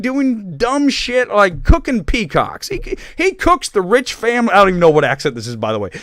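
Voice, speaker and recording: A man's voice: fairly bright tone, no echo, studio quality, full character voice. A man putting on a hammy mock Italian-American accent, voicing a brash Italian-American man. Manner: exaggerated, high-pitched and emphatic. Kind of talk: live stream movie commentary.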